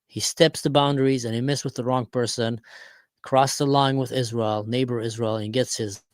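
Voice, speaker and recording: A man giving an opinionated vlog commentary, talking in an animated, emphatic way with storytelling. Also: mid-range voice, normal speed, no echo, studio quality.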